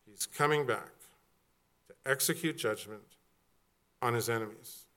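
A man's voice: medium pitch, a little slow, fairly bright tone. Middle-aged man, pastor, casual sermon delivery with humor. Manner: conversational, jokey, acts out quoted voices.

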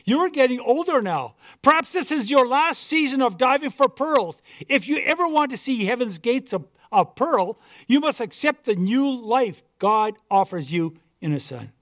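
Man doing a kindly missionary: urgent, pleading, high voice. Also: very animated, moderate pace, hardly any pauses, a bit bright, no echo, clean studio sound, full character voice. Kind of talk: storybook dialogue reading.

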